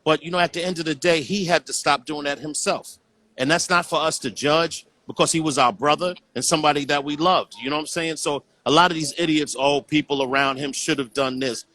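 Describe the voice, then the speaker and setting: Earnest man, bright forceful voice. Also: a little high, brisk. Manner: earnest, repeats "you know what I'm saying". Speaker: guest. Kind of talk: casual call conversation.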